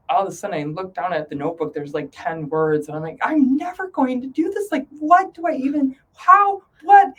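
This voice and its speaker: A middle-aged woman, a guest in an interview, telling her story with animated voices for her own past thoughts. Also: on the low side, rough recording.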